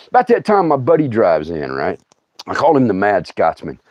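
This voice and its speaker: Lively storytelling man, dry lo-fi sound. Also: a little high, normal speed, no room sound. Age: middle-aged. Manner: animated, laughs often, acts out voices. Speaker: livestream host telling stories. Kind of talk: casual storytelling.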